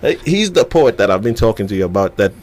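A man hosting a hip-hop radio show, chatty, quick to laugh and stumbling over his words. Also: fairly low pitch, big pitch swings, darkish tone. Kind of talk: radio interview. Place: radio studio.

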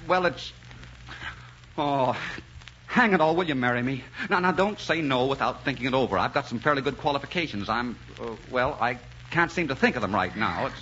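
An actor playing an earnest young male composer in an old radio drama, shy and halting at first and then full of passion. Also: medium pitch, expressive, pushed and bright, a little hiss or hum. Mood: bashful. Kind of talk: 1940s radio acting. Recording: muffled old radio broadcast with music.

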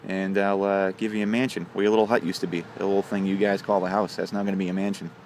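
A man's voice: low-pitched, level tone, fast talker, a little mellow, a little hiss or hum. A man voicing a scheming female leprechaun who lays out bargains in a matter-of-fact way. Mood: bargaining. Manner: matter-of-fact deal-making.

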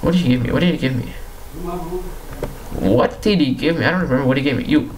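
A man's voice: mid-range voice, fast talker, pauses often, poor audio. A young man giving casual commentary while playing a game, pleading with and teasing the characters on screen and repeating himself in exasperation. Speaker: gaming YouTuber.

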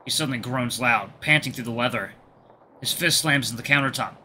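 A man hosting a gaming video, reading a visual novel aloud with relaxed, chatty asides. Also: mid-range voice, fairly quick, slight background noise.

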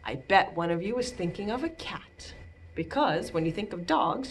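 A woman librarian leading a storytime for babies on a video call, reading aloud in a playful sing-song way with soft asides. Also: on the low side, animated, normal speed, slight background noise. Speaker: children's librarian.

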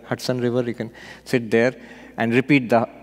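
A man, a monk and spiritual teacher, giving an unhurried meditation retreat talk with gentle storytelling and light humor. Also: mid-range voice, level tone. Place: retreat hall. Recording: long hall reverb.

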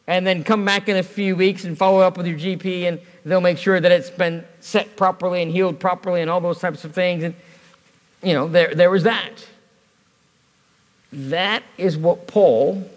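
A man preaching an evening sermon as pastor, conversational and storytelling, asking the congregation rhetorical questions. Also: fairly high pitch. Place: church. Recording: church hall reverb.

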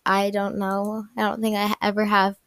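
A young woman giving casual gameplay commentary, excitable and gushing, often repeating herself and restarting. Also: mid-range voice, moderate pace, no room sound, clean studio sound. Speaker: gaming YouTuber.

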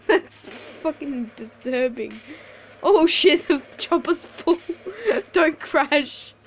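A woman giving casual live commentary over a shooter game, swearing a lot, laughing often and reacting excitably. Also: sits high, very slow, highs cut off, a little hiss or hum. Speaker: gameplay commentator.

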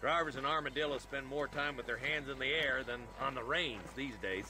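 An actor voicing a stern, determined marshal in a western video game, speaking firmly. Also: male voice, medium pitch, fairly quick, a crowd in the background, natural voice. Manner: firm, gritty. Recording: game audio with loud music behind.

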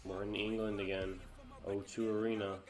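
A man's voice: on the low side, level tone, normal speed, loud music behind the voice. A man casually commentating on his own gameplay, chatting along and groaning or exclaiming when things go wrong. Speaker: gamer.

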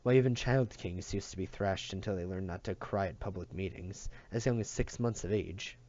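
A man voicing a cruel grown keeper who speaks in a thin, soft, wheedling tone. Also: low voice, normal speed, highs cut off, lightly acted. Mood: stern.

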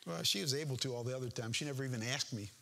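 A man's voice: mid-range voice, very fast, vocal fry, bright, forceful tone. An older man preaching a sermon as pastor, reading scripture aloud and breaking off into homespun, joking asides about his family.

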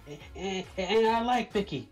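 A man doing an impression of a dim, earnest young man, talking in a high, whiny, halting voice. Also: animated, soft background music, low-quality recording. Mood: bashful.

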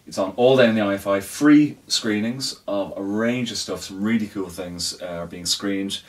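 A man's voice: lowish voice, normal speed, recorded from a distance. A man, chatting casually as co-host about weekend events, swearing freely and trailing off with fillers. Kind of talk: casual chat.

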